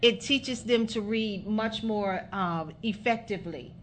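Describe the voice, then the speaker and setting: A woman hosting a talk show, chatting in a lively way and laughing easily. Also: mid-range voice, a little slow, a loud crowd. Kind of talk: casual interview chat.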